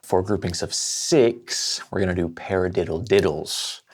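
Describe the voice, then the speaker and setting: A man's voice: low-pitched, a little slow, background noise. A man teaching a drum lesson, explaining sticking patterns step by step and counting beats aloud. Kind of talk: casual lesson.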